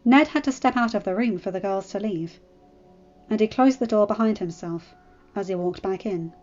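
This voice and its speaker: A woman reading fan fiction aloud in a steady, even narration. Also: medium pitch, normal speed, highs cut off, faint music behind.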